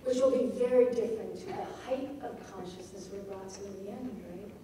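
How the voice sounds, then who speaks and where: A woman giving a poetry lecture, measured and often checking in with her audience. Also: medium pitch, mellow, distant mic, a little hiss or hum. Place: lecture hall. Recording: echoey hall recorded from afar.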